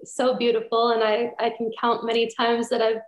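A woman's voice: on the high side, completely flat delivery, moderate pace. Reflective woman host in an echoey room. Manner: reflective and spiritual, with gentle filler words. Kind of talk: casual heartfelt conversation.

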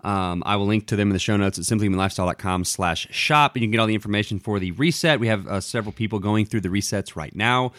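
A man's voice: on the low side, steady tone, fast talker, hardly any pauses, fairly bright tone, no echo, studio quality. A man co-hosting a podcast in casual chat, rambling with many fillers and restarts. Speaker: podcast co-host.

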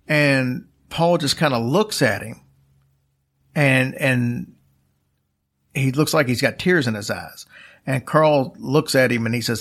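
A man at an ordinary, middle pitch tells a long story in an easygoing way. He rambles a little, backs up and restarts his sentences, and leans on fillers as he goes. It comes across as relaxed podcast talk. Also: normal speed. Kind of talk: casual storytelling.

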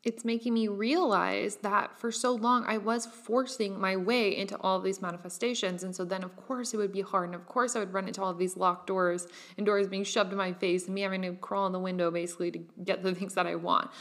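A woman's voice: medium pitch, fairly even intonation, brisk, hardly any pauses, a bit bright. A young woman hosting her own podcast, talking casually and with animation, full of "like" fillers and the odd laugh. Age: young adult. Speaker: podcast host. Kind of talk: casual solo podcast monologue.

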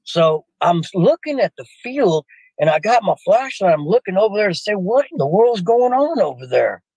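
An older man spins a long, meandering anecdote. He digresses, restarts phrases, and keeps calling out to the host. His voice sits a bit high, and the sound is dry and close with no room around it. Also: very animated, moderate pace, gravelly, darkish tone, breathy edge, no room sound, poor audio. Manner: digressive, restarts often, addresses the host by name. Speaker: guest telling a personal story. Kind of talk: rambling spoken anecdote.

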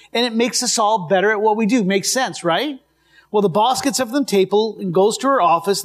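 A man with a notably high voice preaches a sermon to a congregation. He tells his story casually, stumbling and restarting phrases as he goes, picked up on a live church mic. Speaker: pastor.

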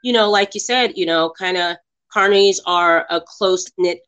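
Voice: medium pitch, normal speed, a bit bright, clear, resonant tone, muffled recording. A podcast co-host chatting about a film, rambling with lots of fillers and upbeat enthusiasm. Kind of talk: casual film discussion.

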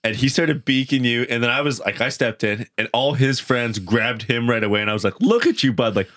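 A man in casual banter, excitedly chiming in with his own memories of the night. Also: medium pitch, a little fast.

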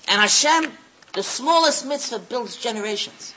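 Bright, animated woman lecturer. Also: on the high side, moderate pace, pauses often, slightly rough, low-quality recording. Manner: animated storyteller, emphatic, repeats phrases. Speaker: religious lecturer. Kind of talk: Torah lecture with storytelling.

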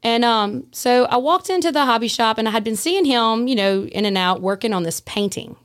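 Animated woman telling a story. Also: a little high, a little fast. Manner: animated, acts out dialogue in her story. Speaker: guest, former prison staff. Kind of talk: casual podcast storytelling.

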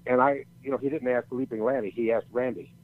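Speaking quickly at a medium pitch with fairly even intonation, this older male guest rambles through a lengthy story in relaxed chat. He swears a lot and keeps restarting sentences, and the recording has a thin, phone-like quality.

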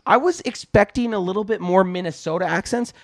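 Young Canadian man, podcast co-host, high and loud, profane banter, dry close mic. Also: brisk, no echo. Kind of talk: casual chat.

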